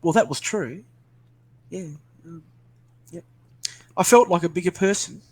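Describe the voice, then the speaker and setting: Older aussie guy rambling, kinda high voice, dry close sound. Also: unhurried, slightly rough, dry recording. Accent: Australian. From Australia. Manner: rambling, self-deprecating, many restarts. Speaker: interviewee. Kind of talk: casual video call chat.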